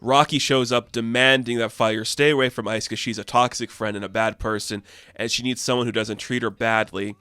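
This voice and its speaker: A man giving a casual, animated recap of a comic book issue, chatty and full of fillers. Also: medium pitch, brisk, clean tone, dry recording, studio quality.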